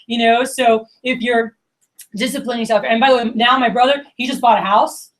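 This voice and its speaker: A woman's voice: a little high, fairly even intonation, a little fast. A woman, giving a casual motivational talk to her team at a meeting, full of "like" and "you know". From Miami. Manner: casual and chatty, lots of "like" and "you know", acts out quoted friends. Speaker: division leader giving opening remarks.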